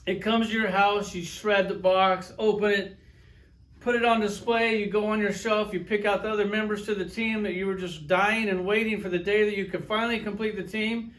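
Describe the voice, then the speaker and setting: A man's voice: sits high, fairly even intonation, brisk, fairly bright tone. A man reviewing collectible action figures in a casual vlog, sarcastic and profane, spinning little stories with acted-out quotes. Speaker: toy reviewer.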